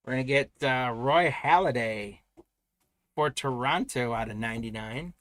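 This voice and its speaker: A man's voice: medium pitch, moderate pace, a bit bright, no echo. A man hosting a live trading card break, announcing pulls and congratulating buyers in an upbeat, chatty way.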